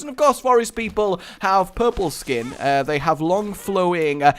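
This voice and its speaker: A man with a somewhat high voice rambling through a gameplay commentary, goofy and playful. He drifts into silly tangents and breaks out into loud, exasperated shouts. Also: expressive, normal speed, few pauses, smooth. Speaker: gaming commentator. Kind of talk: playing a game with commentary.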